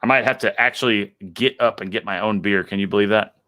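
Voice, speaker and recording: A man in casual beer-drinking chat, a relaxed, joking storyteller. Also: on the low side, fast talker, soft background music. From United States. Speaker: guest YouTuber.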